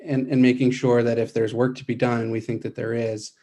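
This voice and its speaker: A man, a nonprofit policy advocate, giving formal testimony, measured, with frequent hesitations. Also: mid-range voice, little pitch movement, dark tone. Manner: measured, many uh fillers.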